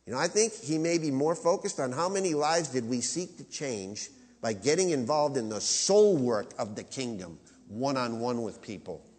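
Emphatic preacher in a reverberant hall. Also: male voice, lively intonation, normal speed, hardly any pauses. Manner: emphatic preaching, swinging from loud high peaks to low quiet asides. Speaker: pastor. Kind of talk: sermon. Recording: long reverb of a large hall.

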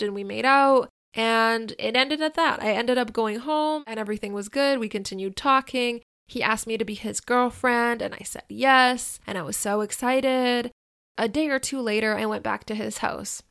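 A woman in her thirties tells a personal story on her podcast in a loose, chatty way. Her voice sits a little high and has a gravelly fry. She drops in lots of fillers and acts out what other people said. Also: a bit bright. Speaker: podcast host. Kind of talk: casual storytelling.

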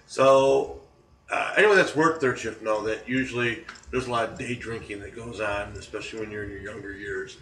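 Bright-voiced man telling stories casually. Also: on the low side, steady tone, moderate pace. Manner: loose, rambling storytelling with chuckles. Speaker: podcast host. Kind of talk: casual storytelling chat. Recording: echoey room, far from mic.

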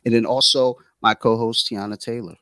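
A man's voice: mid-range voice, steady tone, normal speed, pushed and bright, dry recording, low-quality recording. A man hosting a casual podcast, talking loosely with many fillers and restarts. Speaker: podcast host.

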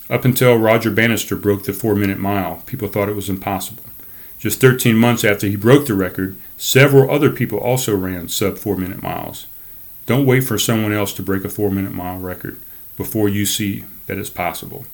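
A man's voice: on the low side, a little fast. Fired-up, profane male podcast host. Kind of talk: casual solo podcast rant. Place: home desk.

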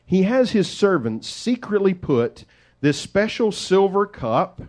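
A man preaching, retelling a story in a lively, conversational way with folksy asides. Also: high-pitched, slow pace. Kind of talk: sermon storytelling.

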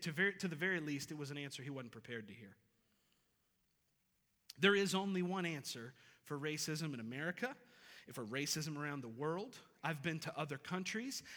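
Man, pastor, sermon, bright voice, long hall reverb, emphatic repetition. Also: a little high. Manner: conversational preaching, rising to emphatic repeated phrases. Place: church sanctuary.

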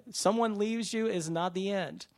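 A man's voice: high voice, slow, darkish tone. A man sharing a personal testimony in church, earnest and conversational. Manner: earnest, conversational, with fillers and restarts.

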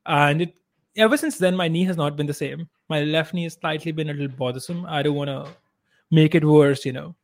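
Male podcast co-host, slightly high voice, relaxed and conversational. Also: a little fast. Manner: relaxed, conversational, swears casually. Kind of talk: casual podcast chat.

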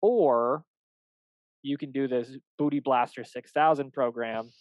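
Animated fitness coach, dry and close. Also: male voice, medium pitch, measured pace, dry recording, lo-fi sound. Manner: animated, acts out client dialogues, swears casually. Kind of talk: casual podcast chat.

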